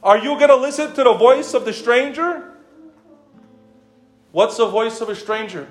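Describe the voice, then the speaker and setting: A man with a very high voice preaches a sermon at normal speed with lively intonation, firing off rhetorical questions again and again and calling out listeners by name. He switches between English and another language mid-sentence while a guitar plays faintly in a room full of echo.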